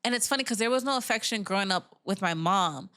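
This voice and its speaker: A young woman, a mother, with a mid-pitched, everyday voice in a casual podcast chat. She speaks candidly, laughs often and drops into quoted lines. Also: lively intonation, quick pace, bright, forceful tone, dry recording, studio quality. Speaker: podcast guest.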